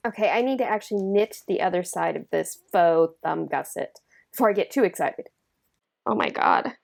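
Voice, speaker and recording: A woman's voice: on the low side, lively intonation, normal speed, gravelly. A woman hosting a knitting video, chatting casually while she demonstrates, enthusiastic and gushing with frequent exclamations.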